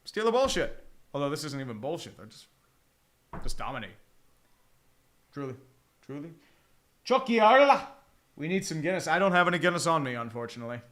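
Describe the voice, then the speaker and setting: A man's voice: a little high, very animated, fast talker, fairly bright tone. A man streaming a football watch-along, chatting casually and profanely, with bursts of mock play-by-play calls. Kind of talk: casual live game commentary.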